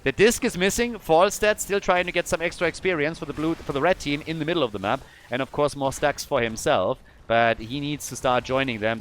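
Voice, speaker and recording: A man casting a live esports match, calling the plays fast and getting excited at big moments. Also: on the high side. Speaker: esports caster. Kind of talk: live game commentary.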